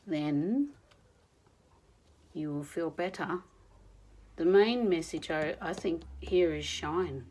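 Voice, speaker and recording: A woman doing an oracle card reading in a gentle, reflective, encouraging manner. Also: lowish voice, expressive, slow, low-quality recording. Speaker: spiritual card reader.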